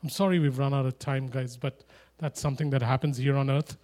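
A man preaching a sermon, animated and emphatic, with chatty asides and humorous stories. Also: mid-range voice, fairly quick. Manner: animated, rising to loud emphatic declarations.

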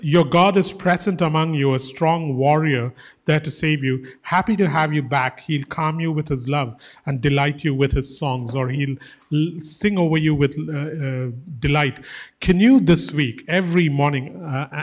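A man's voice: fairly high pitch, moderate pace. A man preaching a casual, joking sermon to a congregation, acting out voices as he tells stories. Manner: joking, animated, acts out voices. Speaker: guest preacher.

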